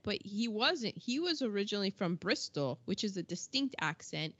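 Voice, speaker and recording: A woman from the United States co-hosting a podcast in casual chat, talking in an opinionated way with quick asides. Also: medium pitch, expressive, fairly bright tone, dry recording. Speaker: podcast co-host. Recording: dull, dry lo-fi audio.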